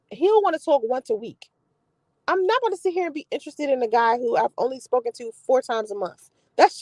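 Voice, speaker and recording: A young adult woman vlogger giving blunt, profane relationship talk in an animated storytelling way. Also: high-pitched, dry recording, low-quality recording. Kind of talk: casual live-stream talk.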